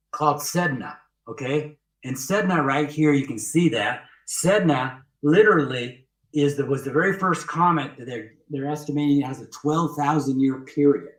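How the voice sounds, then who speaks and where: A man's voice: fairly high pitch, fairly bright tone. A man presenting a webinar, teaching emphatically and repeating his points with rhetorical questions. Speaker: webinar presenter walking through his book. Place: outdoors with trees behind him. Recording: echoey sound, voice distant from the mic.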